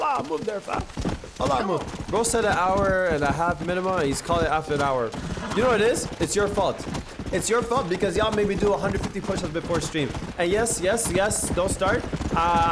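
A young man streaming a video game, chatting in a rambling, excitable way with heavy slang. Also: sits high. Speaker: gaming streamer. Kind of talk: casual live-stream commentary. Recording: noisy stream with game sounds.

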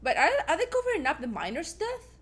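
A woman's voice: high-pitched, huge pitch swings, fast, fairly bright tone. A young woman commenting casually while playing a game, jumpy and chatty, mocking herself. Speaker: gaming streamer. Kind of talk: casual let's-play commentary.

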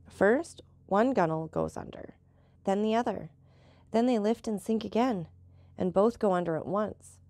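A woman voicing a calm, seasoned male boat captain who patiently explains things. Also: mid-range voice, normal speed, no room sound, voice pushed up, lightly acted.

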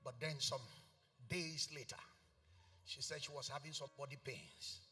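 A man's voice: on the high side, steady tone, normal speed, slightly rough. A man with a Nigerian accent preaching a sermon as pastor, pleading and emphatic, repeating short commands again and again. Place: large church hall. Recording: reverberant church hall with keyboard. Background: soft keyboard music.

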